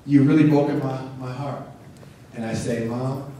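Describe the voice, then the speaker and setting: A man's voice: mid-range voice, normal speed, warm tone, a little hiss or hum. A man giving an earnest personal story to an audience, acting out the dialogue as he goes. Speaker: speaker at a symposium. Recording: echoey hall, voice from far off.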